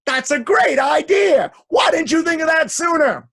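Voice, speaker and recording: A storyteller man voicing a grumpy, pompous king who shouts and blusters. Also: extremely high pitch, fairly even intonation, takes it slowly, voice pushed up. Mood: blustering. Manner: loud, blustering exclamations.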